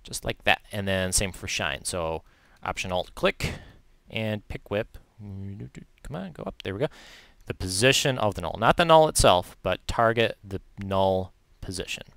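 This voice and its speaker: A man walking through a software tutorial in a relaxed, chatty way, correcting himself and adding light asides. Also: low-pitched, normal speed, clean tone, no room sound. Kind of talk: screen-recorded software tutorial.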